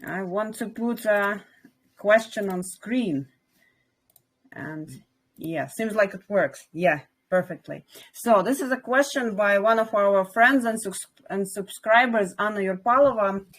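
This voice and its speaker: A woman's voice: mid-range voice, measured pace, rough recording. A woman whose first language is Russian, hosting a remote live interview and hesitantly reading out a viewer's long question. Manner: hesitant, many fillers.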